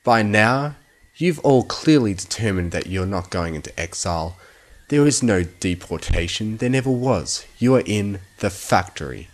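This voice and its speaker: A cruel pony official from a storybook, addressing captives in measured, contemptuous tones, read by a man. His voice is low and held fairly quiet. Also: animated, lightly acted. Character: cold gloating male pony official.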